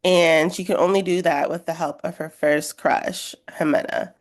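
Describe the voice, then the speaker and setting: A woman author being interviewed on a podcast, sounding sleepy and talking in a relaxed, chatty way. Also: deep voice, normal speed. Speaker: guest author. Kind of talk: casual interview.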